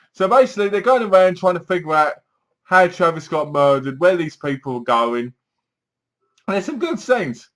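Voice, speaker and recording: Guy rambling through a movie review, slightly high voice, acts out bits. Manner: rambling, animated retelling with acted-out quotes. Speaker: film reviewer. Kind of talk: casual spoken film review.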